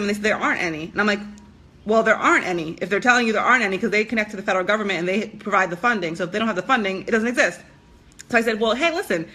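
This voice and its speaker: A woman's voice: mid-range voice, pushed and bright. A young adult woman talking to camera as a business coach, recounting conversations in a blunt, exasperated way. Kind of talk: casual talk to camera.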